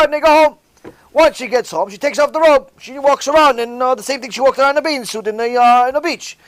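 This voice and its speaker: A man with a high voice delivers an informal sermon as a rabbi. He tells stories and hammers his points home by repeating key phrases. The sound is dry and close. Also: no echo.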